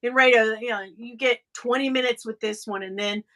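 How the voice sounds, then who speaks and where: A high-pitched woman, chatting on her live stream like an old friend. Her voice is bright and forward, and she spins animated, chatty stories. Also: a little fast. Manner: chatty, animated storyteller with frequent laughs. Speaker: live stream host and former radio interviewer. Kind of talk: casual chat.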